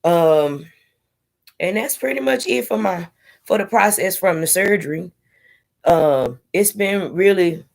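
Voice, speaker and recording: A woman's voice: on the low side, vocal fry. A young woman in casual live-stream chat, candidly talking to her viewers with sassy asides. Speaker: vlogger sharing her IVF journey.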